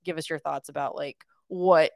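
A woman's voice: deep voice, steady tone, normal speed, gravelly, dry recording, studio quality. A woman in her thirties co-hosting a podcast, chatting in an upbeat, friendly way. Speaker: podcast co-host. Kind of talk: casual chat.

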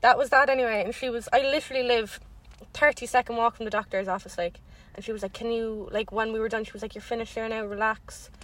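A young Irish woman telling a story in casual chat, animated and swearing freely. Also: on the high side, fast, low-quality recording.

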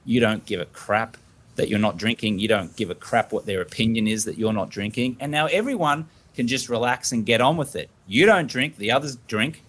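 A man's voice: mid-range voice, a bit bright. A man with an Australian accent, a podcast guest who talks casually and animatedly, acting out little scenes as he makes his point. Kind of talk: casual interview talk.

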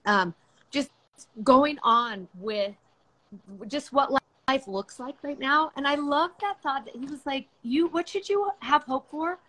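An older woman hosts a faith-based conversation, speaking in an earnest and reflective way. Her voice sits a little high, and she pauses often with fillers as she gathers her thoughts. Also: fairly bright tone, poor audio. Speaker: podcast host.

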